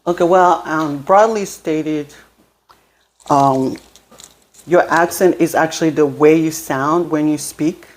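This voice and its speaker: A woman's voice: deep voice, slow pace, a little mellow. A woman guest on a talk show, speaking conversationally with fillers. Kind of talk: casual discussion.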